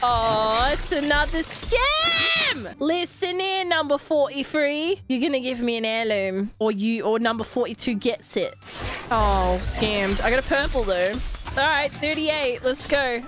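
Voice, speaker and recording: A young woman streamer giving excitable gaming commentary, shrieking and swearing as loot comes up. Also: on the high side, measured pace. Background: background music.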